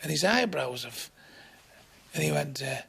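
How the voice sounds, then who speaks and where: A man's voice: on the high side, animated, a little slow, vocal fry, fairly bright tone, slightly rough. A man in his sixties with a Northern English accent, a comedian telling a bawdy, sweary anecdote and acting out the other people's lines. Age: 60s. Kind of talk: anecdotal storytelling.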